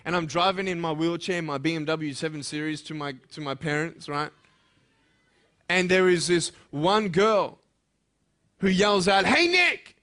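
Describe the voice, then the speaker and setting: Emphatic young man with a bright voice. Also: fairly high pitch, moderate pace. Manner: earnest and emphatic, swinging from hushed to loud. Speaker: motivational speaker. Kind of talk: motivational speech to students.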